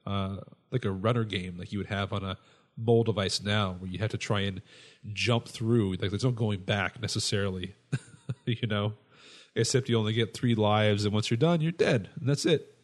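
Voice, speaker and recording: A man's voice: fairly low pitch, moderate pace. A man co-hosting a casual game-review chat who talks in a wry, joking way. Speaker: co-host.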